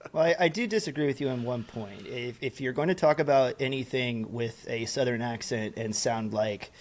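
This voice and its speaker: Dude on a podcast, middle voice, rambles and restarts a lot, easygoing. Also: male voice, mid-range voice, normal speed. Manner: rambling, many restarts, talks through ideas. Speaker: podcast co-host. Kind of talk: casual chat.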